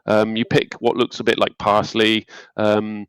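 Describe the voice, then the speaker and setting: A man's voice: on the low side, monotone, unhurried, fairly bright tone, clean tone, no echo, low-quality recording. A man narrating a tabletop game as game master in a rambling, hesitant way.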